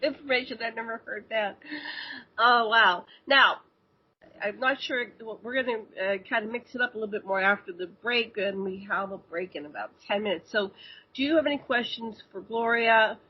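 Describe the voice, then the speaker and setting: Breathy woman hosting a talk show. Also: fairly high pitch, moderate pace. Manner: friendly, reacting with short exclamations. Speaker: host. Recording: dull lo-fi audio.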